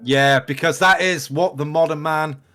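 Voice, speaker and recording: A man's voice: a little high, fairly even intonation, normal speed, sharp tone, faint music behind. A man co-hosting a casual reaction show, earnest and agreeable. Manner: earnest, keeps saying mate. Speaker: reaction video co-host.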